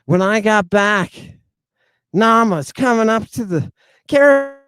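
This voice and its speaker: This podcast host's voice is high-pitched, clear and resonant, slow-paced, with no echo. In an animated, slangy monologue he relates a personal story on his show, frequently adding "right?" and "baby."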